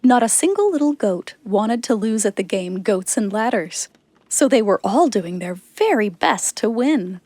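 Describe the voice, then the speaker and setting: A woman narrating a children's fairy tale in a slow, expressive reading. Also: fairly high pitch, dry recording. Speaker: storyteller.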